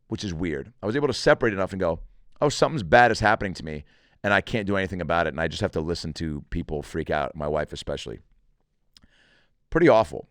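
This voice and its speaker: Deep-voiced man telling a wild story. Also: no room sound, clean studio sound. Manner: animated, profane storytelling with acted-out quotes. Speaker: comedian podcast host. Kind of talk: casual storytelling.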